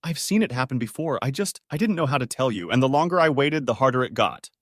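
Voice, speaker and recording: A man voicing a tearful young woman who pleads in a trembling, soft voice. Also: mid-range voice, lively intonation, fast talker, no room sound, clean studio sound, voice pushed up, natural voice.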